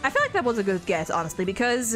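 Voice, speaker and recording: A German woman streams a courtroom game, her voice sitting a little high as she thinks aloud. She stumbles and restarts, then bursts out when an idea strikes. Soft game music plays behind her. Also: fast talker. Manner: thinks aloud, excitable, stumbles over words. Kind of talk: let's-play commentary.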